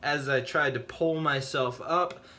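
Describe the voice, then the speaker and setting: A man vlogging to camera, telling personal stories with big dramatic reactions and acted-out quotes. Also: unhurried. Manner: excitable, acts out voices in his stories with big pitch jumps. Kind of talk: animated storytelling to camera.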